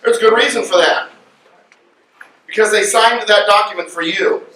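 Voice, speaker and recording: A man speaking to an audience at a luncheon, animated and joking as he lectures. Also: high-pitched, moderate pace. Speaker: guest speaker. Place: luncheon event room. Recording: echoey room from far off, faint noise.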